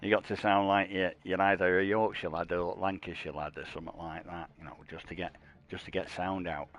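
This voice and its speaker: A man giving live commentary on an online racing league. He is chatty and jokey, rambles through asides, and gets louder and higher when a race starts. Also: level tone, brisk, faint music behind. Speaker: sim racing commentator and stream host.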